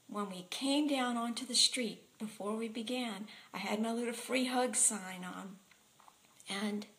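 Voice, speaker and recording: A woman telling a personal story in a soft, half-whispered, heartfelt way. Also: mid-range voice, rough recording. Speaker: speaker sharing a personal story.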